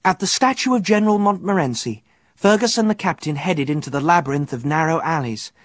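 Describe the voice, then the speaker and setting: Brief: a male children's audiobook narrator, measured, dry booth sound. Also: a little high, animated, no echo.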